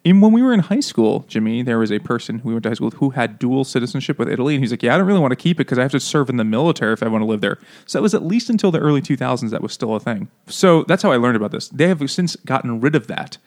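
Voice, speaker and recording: Guy on a podcast ranting and laughing about a book, normal pitch. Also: sing-song, darkish tone. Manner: laughing, mocking, does quick silly voices for quotes. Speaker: podcast co-host. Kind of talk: casual chat.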